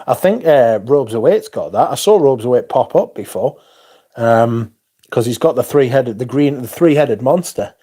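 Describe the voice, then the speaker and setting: A man's voice: medium pitch, expressive, moderate pace, dark tone, husky. A man hosting a livestream, ranting casually with heavy swearing and rambling asides. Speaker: livestream host.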